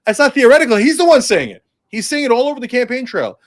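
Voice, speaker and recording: A man with a fairly high, very lively voice, speaking as a candidate in a political interview. He is combative and sarcastic, punching his points hard. His pitch rises and falls a great deal as he argues. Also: quick pace. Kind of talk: impassioned political interview talk.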